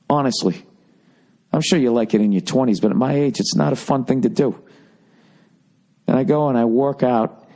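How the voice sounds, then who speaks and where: A middle-aged man hosting a podcast, telling a rambling, profanity-heavy story and mimicking people as he goes. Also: lowish voice. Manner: animated, swearing, mimics people. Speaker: comedian podcast host.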